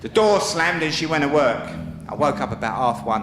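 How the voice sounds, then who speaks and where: Animated Cockney comic on stage. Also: male voice, a little high, normal speed, few pauses, background noise. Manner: animated storytelling, acts out voices. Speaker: stand-up comedian. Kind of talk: stand-up comedy set. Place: comedy stage. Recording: roomy live venue with loud crowd laughter. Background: audience laughing.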